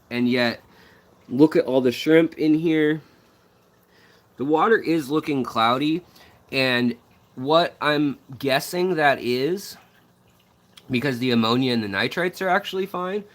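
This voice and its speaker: A man hosting a casual home vlog, showing his aquariums indoors, talking in a relaxed, rambling way with lots of fillers and restarts, keen on his fish. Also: mid-range voice, unhurried, long pauses. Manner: enthusiastic about the fish. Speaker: fishkeeping channel host. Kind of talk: casual vlog tank tour.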